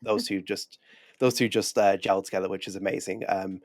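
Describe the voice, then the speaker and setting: A man's voice: low-pitched, steady tone, fairly quick, no room sound, clean studio sound. A man hosting a podcast interview, asking eager questions. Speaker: podcast host. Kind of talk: conversational interview.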